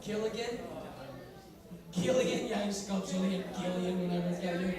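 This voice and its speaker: A man's voice: sits high, steady tone, a little fast, crowd noise. Joking young man in an echoey hall. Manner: playful and joking. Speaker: youth speaker. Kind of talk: casual talk to a live audience. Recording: echoey hall from far off with audience.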